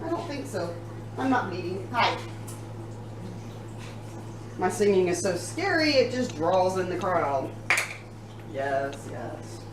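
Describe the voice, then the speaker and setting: A woman's voice: fairly low pitch, very animated, slow, long pauses, a little hiss or hum. A woman chatting casually in a home kitchen cooking vlog, giggling and talking to her pets as she bakes. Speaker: cooking vlogger. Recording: echoey room, somewhat far from mic.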